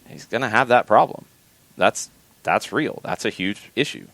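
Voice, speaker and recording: A man with a notably low voice talks through soccer talking points in a casual podcast. He speaks in a measured way and often restarts phrases as he thinks. The sound is close and dry, with no room echo. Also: animated, gravelly, fairly bright tone.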